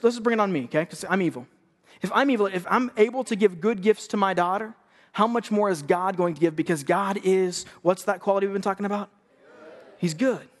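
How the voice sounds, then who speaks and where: High-voiced young pastor in a reverberant hall. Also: male voice. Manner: energetic, joking, conversational. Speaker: youth pastor. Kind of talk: sermon. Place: church stage.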